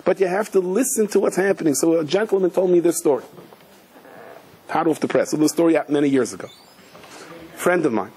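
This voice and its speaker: A man's voice: on the high side, brisk, long pauses, mellow, slightly rough. A man, a rabbi, giving a sermon as he tells a story, mixing Hebrew and Yiddish terms into his talk and often restarting his sentences.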